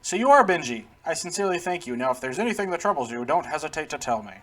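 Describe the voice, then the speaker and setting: A man's voice: fairly high pitch, sing-song, fast, fairly bright tone, voice pushed up. A man voicing a fretful male game character whose pet was stolen, in a dramatic, exclaiming manner. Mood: grateful.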